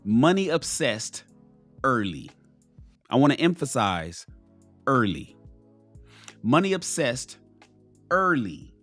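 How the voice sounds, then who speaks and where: A man's voice: mid-range voice, sing-song, unhurried, a bit bright, soft background music. A man hosting a talk show, giving blunt, profane dating advice to other men and repeating key phrases for stress.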